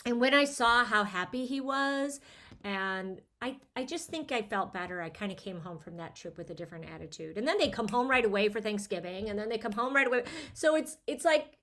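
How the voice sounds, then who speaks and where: A woman's voice: a little high, animated, brisk, a bit bright. Woman telling heartfelt parenting stories. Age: middle-aged. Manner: emotional storytelling about her son leaving home. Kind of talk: casual chat.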